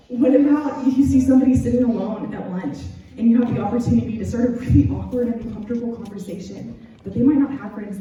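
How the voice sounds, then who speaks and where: Young woman preaching in an echoey hall. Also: on the high side. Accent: Texan. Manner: earnest, candid, chatty storytelling with many fillers. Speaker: youth group speaker. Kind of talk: youth sermon with personal story. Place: church youth room, recorded from a distance. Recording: echoey room heard from far off.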